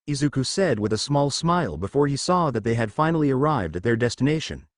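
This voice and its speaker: A man reading a fan story aloud in an animated storytelling manner on a close mic. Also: mid-range voice, fast talker, hardly any pauses, no echo. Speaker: fanfic narrator.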